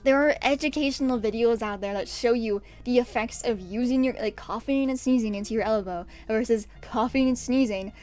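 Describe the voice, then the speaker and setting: A woman's voice: on the high side, brisk, hardly any pauses, a little mellow, faint music behind. A young woman streamer from America chatting casually, rambling and getting exasperated with bursts of laughter. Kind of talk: casual stream chat ranking pet peeves.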